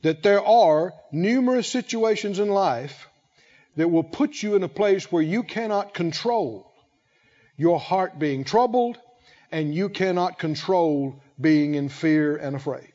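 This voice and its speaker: A male pastor preaching a sermon, emphatic, with drawn-out phrasing and call-and-response. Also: high-pitched, expressive, warm tone, lo-fi sound.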